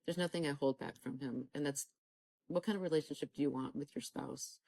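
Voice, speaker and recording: A woman's voice: deep voice, fairly quick, vocal fry, darkish tone, no echo, low-quality recording. A woman sharing a personal faith testimony in an interview, talking earnestly and urging listeners on, often acting out the dialogue she recalls. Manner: fervent, exhorting, acts out quoted dialogue.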